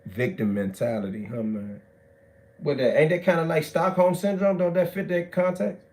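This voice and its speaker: A man, telling street stories. He is loud and profane, jumping from shouting to low muttering. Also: steady tone, normal speed. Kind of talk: animated street storytelling.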